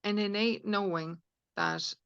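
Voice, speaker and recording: A woman's voice: medium pitch, steady tone, slow pace, a bit bright, smooth, no echo, muffled recording. A woman being interviewed as a spiritual healer, speaking earnestly in a rambling way with many fillers and restarts. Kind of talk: conversational podcast interview.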